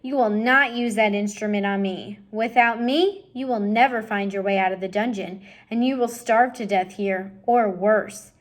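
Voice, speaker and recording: A woman's voice: mid-range voice, normal speed, few pauses, natural voice. A woman reading aloud and voicing a bitter, scheming male rat who speaks haughtily. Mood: commanding. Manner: haughty, commanding.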